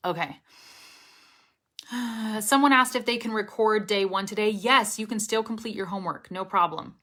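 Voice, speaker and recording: A woman's voice: mid-range voice, moderate pace, sharp tone. A young woman teaching English pronunciation, chatting upbeat on a live stream while reading viewer comments aloud.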